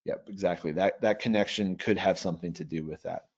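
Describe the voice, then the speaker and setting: A man leading an online teaching webinar, reading Greek slowly and working through its grammar aloud in a measured way. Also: low-pitched, darkish tone, slightly rough. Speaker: Bible software trainer. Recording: dull lo-fi webinar audio.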